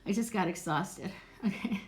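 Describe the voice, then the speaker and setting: A woman's voice: medium pitch, moderate pace. Chatty, foul-mouthed middle-aged woman. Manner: chatty, candid, swears casually, laughs often. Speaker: psychic and clarity coach. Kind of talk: live-stream Q&A chat.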